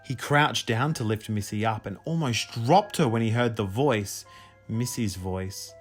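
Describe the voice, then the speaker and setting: A man reading a children's horror story aloud as an audiobook, in a dramatic, expressive manner. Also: lowish voice, a little slow, soft background music. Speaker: audiobook reader.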